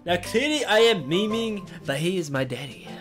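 A young man hosting a comedic reaction video, excitable and joking, often exclaiming and laughing. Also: sits high, normal speed, over music. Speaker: youtube reaction host.

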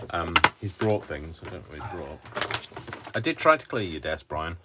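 A man's voice: low-pitched, big pitch swings, moderate pace, very noisy. A man hosting a live crafting tutorial from his home craft room, chatting in a wry, joking way. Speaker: crafting host.

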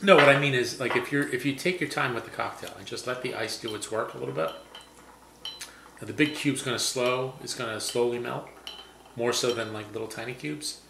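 A man's voice: medium pitch, a little fast, vocal fry. A man co-hosting a cocktail tasting show, joking and chatting casually over drinks. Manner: joking, relaxed banter. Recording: roomy with faint background noise.

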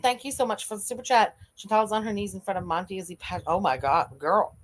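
A woman's voice: medium pitch, animated, fast talker. A young woman streamer giving blunt, profane, mocking live reaction commentary and thanking viewers for donations. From Canada.

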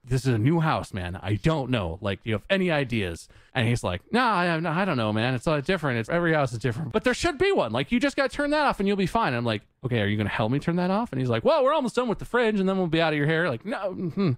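A man in his thirties, a podcast co-host, telling a story in a casual, animated and exasperated way, swearing freely and acting out other people's lines. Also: a little high, racing, few pauses, no room sound, clean studio sound.

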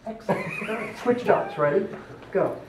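A man teaching a music class, brisk and upbeat as he directs the students. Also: sits high, lively intonation, distant mic, a loud crowd. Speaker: music education professor. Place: large echoey classroom. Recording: roomy classroom audio from afar.

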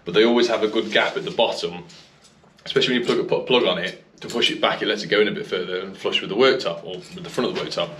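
Chatty electrician, lowish voice. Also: male voice, very fast, fairly bright tone. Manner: chatty, thinks aloud, addresses viewers as guys. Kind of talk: casual explaining while working. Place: garage being converted to a kitchen, indoors. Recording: echoey room with faint noise.

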